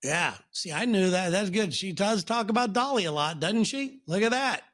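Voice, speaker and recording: A man's voice: sits high, animated, moderate pace, fairly bright tone. A man co-hosting a comedy podcast, joking and boasting in casual chat. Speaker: podcast co-host.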